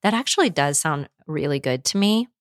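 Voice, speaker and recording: A woman's voice: sits low, expressive, brisk, no echo, clean studio sound. A woman co-hosting a casual book chat, enthusiastic and conversational. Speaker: podcast co-host.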